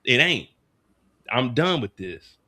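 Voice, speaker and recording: A man's voice: mid-range voice, sing-song, slow, sharp tone, pitched below the performer's own voice, exaggerated voice. A man ranting as a hurt, furious man. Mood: angry, hurt. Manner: ranting, cursing, wounded.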